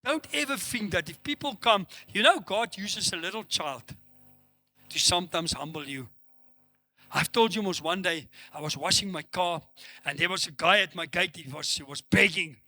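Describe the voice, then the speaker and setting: A man's voice: high voice, normal speed, sharp tone. A middle-aged man preaching a sermon as pastor, acting out the dialogue he quotes with rising emphasis. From South Africa.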